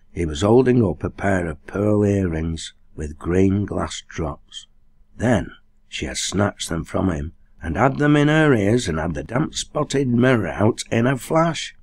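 A low-voiced man with a husky edge reads a novel aloud. His pitch rises and falls freely through the narration, and he lifts his voice for the characters' dialect lines. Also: darkish tone. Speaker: audiobook reader. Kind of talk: scripted narration.

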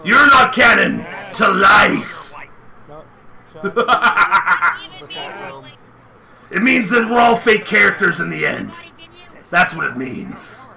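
A man voicing a hulking, hot-headed male warrior in a comedic voice chat role-play, shouting and laughing indignantly. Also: sits high, lively intonation, slow, vocal fry, long pauses, crowd noise, full character voice. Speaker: streamer.

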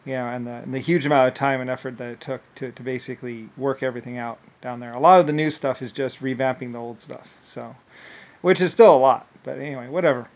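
Rambling man, restless and halting. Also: medium pitch, steady tone, a little hiss or hum, low-quality recording. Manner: rambling, many restarts, bursts of laughter. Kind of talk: rambling monologue.

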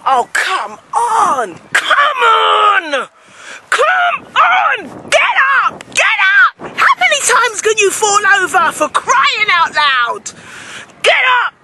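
A woman playing an obsessed, hot-tempered football mum, yelling at the referee and her son in a comedy sketch. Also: very high voice, takes it slowly, heavy background noise, full character voice. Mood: furious yelling. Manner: screaming at the referee, then forcing herself calm. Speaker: parent yelling at a youth football match.

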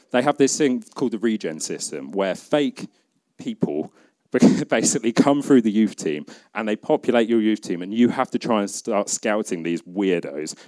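A man's voice: fairly low pitch, a little mellow. Chatty British man giving a jokey talk. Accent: British English. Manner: chatty and jokey, acting out imagined dialogue. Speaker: conference speaker. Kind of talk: humorous live talk. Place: conference event.

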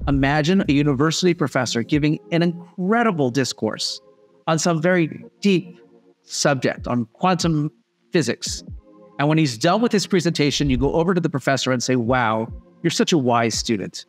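A man hosting a podcast, giving a reflective spoken lesson in an earnest, measured tone. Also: a little high, soft background music. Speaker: podcast host and father.

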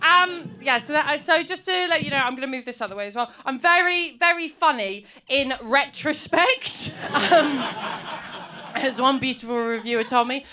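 A woman's voice: high-pitched, normal speed, background noise. A woman stand-up comedian talking on stage in a rambling, self-deprecating way. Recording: live comedy club with audience laughter.

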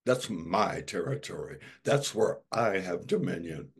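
A male pastor delivering a sermon, slow and emphatic, leaning on dramatic repetition. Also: sits low, expressive, husky.

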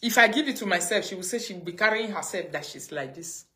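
A Nigerian woman ranting on a livestream, mocking and scolding, her voice swinging between loud outbursts and low mutters. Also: lively intonation, fast. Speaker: livestream host. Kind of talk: casual livestream rant.

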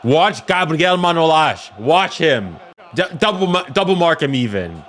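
A man's voice: on the high side, sing-song, unhurried, fairly bright tone. A man reacting live to a football match, pleading with his team and then raging when they concede. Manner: anxious, then furious outbursts.

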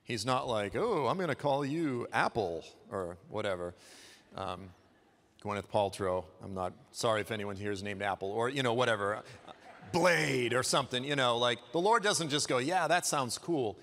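A man's voice: mid-range voice, a bit bright. Man preaching in a reverberant church hall. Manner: conversational, humorous storytelling. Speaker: guest preacher. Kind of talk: sermon.

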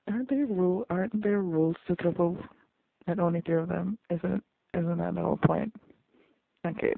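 Male reaction host, highish gravelly voice, animated and repetitive, dry narrow phone-quality audio. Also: dry recording. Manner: animated, exclaiming, repeats phrases. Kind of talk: live audio reaction commentary.

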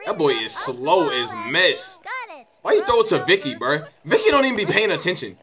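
A man doing casual, excitable commentary over a baseball video game, swearing and trash-talking his own players. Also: fairly high pitch, normal speed, crowd noise. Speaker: gaming YouTuber.

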